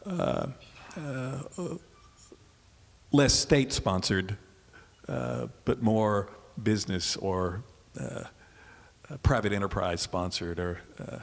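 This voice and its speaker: A man interviewing for an oral history, asking halting questions full of fillers. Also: fairly low pitch, gravelly, in a large hall.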